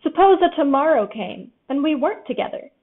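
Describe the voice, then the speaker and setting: A kind young boy with a soft, wistful way of speaking, as a woman reads him. He sounds a touch high. The sound is thin and phone-like. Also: sing-song, fairly quick. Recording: tinny phone-like audio.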